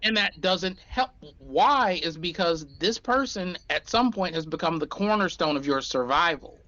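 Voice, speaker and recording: This is a man with a fairly high voice who talks frankly and lays out his points at length, dropping curse words without hesitation. He is a guest in a casual chat. The recording sounds dull and lo-fi. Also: lively intonation, normal speed, bright, forceful tone. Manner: frank, explanatory, swears freely. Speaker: podcast guest. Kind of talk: casual conversation.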